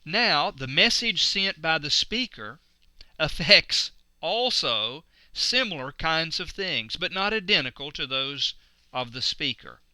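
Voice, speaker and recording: A man giving a recorded course lecture, slow and deliberate, stressing key words. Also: on the high side, big pitch swings, bright, forceful tone, no room sound. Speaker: instructor.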